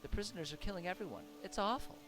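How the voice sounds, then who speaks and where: A man voicing a panicked refugee who pleads for help in a high, breathless voice. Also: racing, close to an everyday voice. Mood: pleading. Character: panicked frightened refugee fleeing killings. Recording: game music behind.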